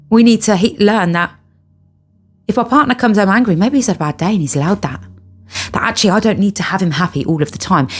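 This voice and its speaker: A middle-aged British woman talking earnestly to camera about spiritual healing, stressing and repeating her key phrases. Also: lowish voice. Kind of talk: casual monologue to camera.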